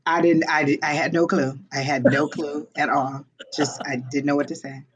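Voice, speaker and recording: A man co-hosting a tarot reading stream, speaking in a halting, dry, sarcastic way. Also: on the high side, level tone, breathy edge. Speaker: tarot reader co-host. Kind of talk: casual live-stream chat.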